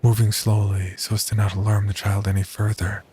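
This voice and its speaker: A man narrating a horror story in a measured, scripted storytelling manner. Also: on the low side, flat delivery, dark tone, a little hiss or hum.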